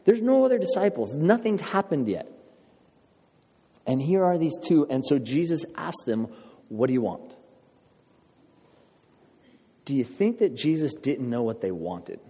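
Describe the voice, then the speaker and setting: A man's voice: a little high, sing-song, moderate pace, mellow, breathy edge, long reverb tail. A man preaching a sermon in a conversational way, asking his listeners questions. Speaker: pastor.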